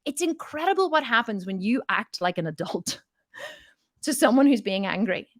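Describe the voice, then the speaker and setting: A middle-aged woman with a fairly high voice coaches listeners through a motivational Q&A. She speaks emphatically and hammers points home by repeating them. The sound is close and dry, with no room around it. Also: very animated, normal speed, dry recording. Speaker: fitness and mindset coach. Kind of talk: motivational Q&A talk.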